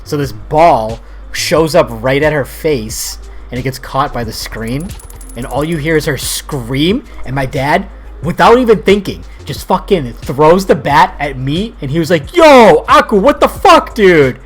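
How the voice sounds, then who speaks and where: A man's voice: on the high side, expressive, measured pace, breathy edge, faint music behind. Profane, rambling man in his thirties. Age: 30s. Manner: rambling and profane, laughing through stories. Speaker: gaming video host. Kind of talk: casual storytelling over gameplay.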